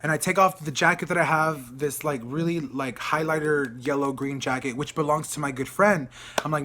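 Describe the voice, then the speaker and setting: A man's voice: a little high, moderate pace, slight background noise. Exasperated man telling a story. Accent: Texan. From Dallas, Texas. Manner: animated, exasperated retelling, acting out the other people in the story. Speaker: vlogger. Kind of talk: casual storytelling rant.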